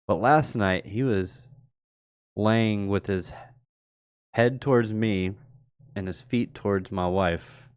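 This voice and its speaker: A man's voice: lowish voice, slow pace, pauses often, smooth, dry recording, clean studio sound. A young man hosting a live stream, chatting casually and rambling, laughing often as he talks. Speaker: host.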